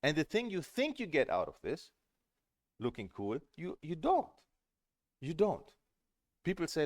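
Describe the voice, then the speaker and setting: A middle-aged man coaching on a stream in a casual, earnest and emphatic way, often repeating words when he gets excited. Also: a little high, unhurried, long pauses, no echo, clean studio sound. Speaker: table tennis coach and streamer.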